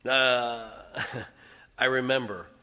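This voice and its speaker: Bright-voiced, animated male preacher. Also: medium pitch, very slow. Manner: emphatic storytelling with audience call-outs. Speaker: pastor. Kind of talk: sermon.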